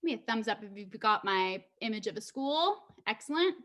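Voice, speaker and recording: A woman gives an online presentation over a video call. She talks in a conversational way, with frequent ums, and her voice sits a little high. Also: animated, brisk, a bit bright. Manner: conversational, many filler ums.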